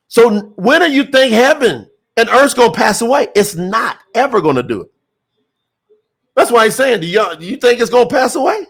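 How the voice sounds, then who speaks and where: A man preaching an impassioned sermon, repeating phrases for emphasis and reading scripture slowly. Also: very high-pitched, expressive, a bit bright, breathy edge. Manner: reads scripture slowly, word by word. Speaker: preacher promoting a scripture translation.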